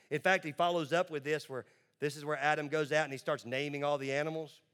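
In a church, a man preaches as pastor to his congregation, his medium-pitched voice fairly bright in tone. He speaks emphatically, shifting between rapid asides and slow, drawn-out words.

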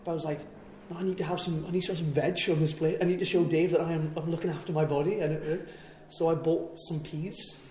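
Higher-voiced man in an echoey room. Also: fairly even intonation, fast, warm tone, slight background noise. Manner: laughs easily, chatty. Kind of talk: casual chat.

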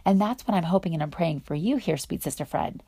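A woman leads a casual devotional for other women, enthusiastic and full of chatty fillers. Her voice is mellow and a little low. The sound is dry and close. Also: animated, a little fast, husky, dry recording. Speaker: women's Bible teacher.

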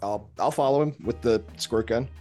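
A man's voice: medium pitch, moderate pace, a little mellow, faint music behind. A man playing a tabletop role-playing game, talking playfully. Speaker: player.

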